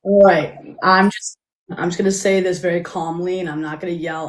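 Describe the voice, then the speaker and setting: Woman, earnest apology, halting delivery, lowish voice, roomy sound. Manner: halting, repeats herself, calm and earnest. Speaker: livestream guest. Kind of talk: public apology on a livestream.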